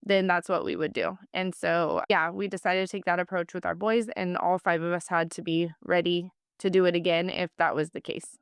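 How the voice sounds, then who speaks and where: Thirties mom chatting on a podcast, smooth clear voice, dry close sound, says "like" a lot. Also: female voice, on the low side, normal speed, few pauses, dry recording. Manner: chatty, heartfelt, many "like" fillers. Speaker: podcast guest, foster and adoptive mom. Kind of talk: casual interview storytelling.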